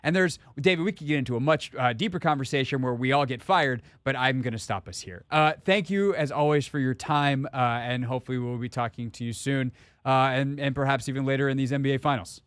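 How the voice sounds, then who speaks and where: A man's voice: medium pitch, fairly quick, clean tone, no echo. Easygoing male sports radio host. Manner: relaxed, jokey interviewer. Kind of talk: casual radio talk. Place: radio studio. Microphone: studio microphone.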